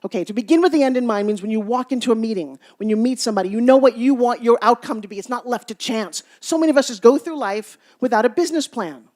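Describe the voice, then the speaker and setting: Woman, motivational stage speaker, playful and teasing, animated, loud bursts and hushed asides. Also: a little high, fast talker, hardly any pauses. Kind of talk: stage speech to a live audience.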